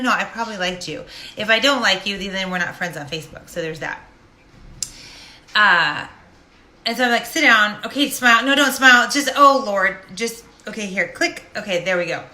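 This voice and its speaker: Bright-voiced woman telling a funny story. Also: mid-range voice. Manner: animated, jokey, self-deprecating. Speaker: host of a live stream. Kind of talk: casual personal storytelling. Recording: echoey room.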